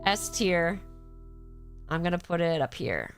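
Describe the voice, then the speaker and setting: A woman's voice: lowish voice, a little slow, faint music behind. Congested woman gushing on a live stream. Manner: animated, gushing, acts out quoted lines. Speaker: streamer ranking episodes. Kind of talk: casual live-stream chat.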